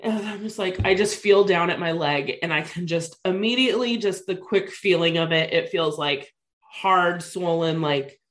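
With a pitch on the low side and a normal speaking speed, a thirty-something woman casually shares a personal story with her co-host. Her animated, chatty retelling is full of "like."

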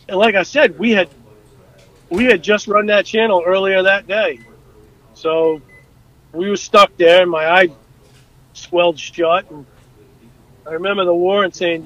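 A man casually telling stories from his time on rescue boats, animated and full of fillers and restarts, acting out what people said. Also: high-pitched, normal speed, pauses often, lo-fi sound. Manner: animated, acts out quotes, many fillers and restarts. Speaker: guest, former rescue boat crewman. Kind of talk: casual storytelling.

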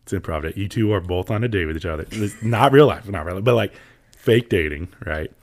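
Low-voiced laughing podcast host. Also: male voice, expressive, fairly quick. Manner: playful, laughing, steers the bit. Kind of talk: casual podcast chat. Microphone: studio podcast mic.

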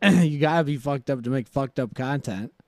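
A laid-back man in casual podcast chat, answering in a dry, blunt way. His voice is middle-pitched and sounds close and dead, with no room around it. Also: moderate pace, dry recording. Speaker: podcast co-host.

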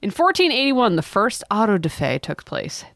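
A young woman co-hosting a comedic history podcast, expressive and jokey. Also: medium pitch, normal speed, creaky, no room sound, studio quality, soft background music. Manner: expressive, laughing, jokey asides. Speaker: podcast co-host.

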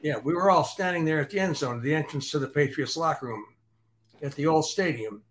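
A man's voice: fairly high pitch, a little fast, a little hiss or hum. A man co-hosting a podcast, prompting the guest and recapping her stories. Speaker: podcast co-host. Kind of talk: interview questions.

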